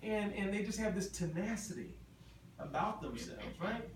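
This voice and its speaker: This motivational speaker has a high, very animated voice at normal speed, pressing his points through repetition and questions aimed at the crowd. He's in a large convention hall, recorded distantly with echo and ambient noise.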